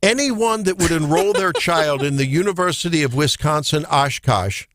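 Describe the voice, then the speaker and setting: A man's voice: a little high, expressive, moderate pace, fairly bright tone. A man with a Midwestern American accent hosting a morning radio show, giving jokey, incredulous commentary. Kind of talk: talk radio banter and commentary. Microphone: studio microphone.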